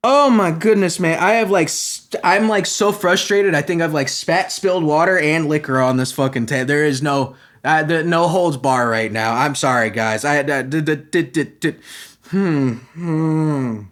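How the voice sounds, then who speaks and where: A man hosting a comedy podcast, ranting in a profane, agitated way and swinging between shouting and muttering. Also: on the high side, unhurried. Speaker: podcast host.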